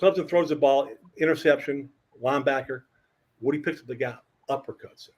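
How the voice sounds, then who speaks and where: An older man telling lively sports anecdotes as a podcast guest, acting out quotes and stammering through restarts. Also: mid-range voice, brisk. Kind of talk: storytelling in a podcast interview.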